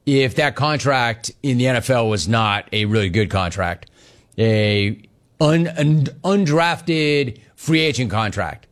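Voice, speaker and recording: Animated male sports radio host. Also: mid-range voice, slow. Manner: animated storyteller, wry and conversational. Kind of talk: talk radio monologue.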